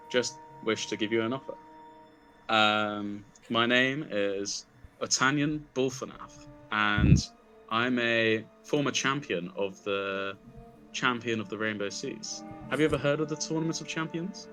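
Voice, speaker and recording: A man's voice: on the low side, a little slow, music in the background, close to an everyday voice. A man voicing a polite woman recruiter, a former tournament champion, in his own plain voice with plenty of ums and uhs. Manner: hesitant, many ums and uhs.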